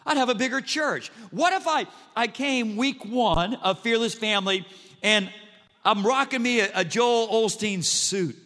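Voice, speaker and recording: A male pastor preaching a sermon in an animated, self-mocking, humorous way. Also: sits high. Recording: long reverb in a large church hall.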